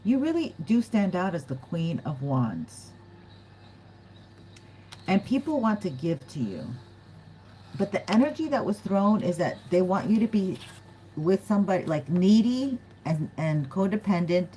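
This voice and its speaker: Chatty lower-voiced woman reading tarot. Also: sing-song, measured pace, warm tone, a little hiss or hum, poor audio. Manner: chatty, giggly, acts out quoted voices. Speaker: tarot reader. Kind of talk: casual tarot reading to viewers.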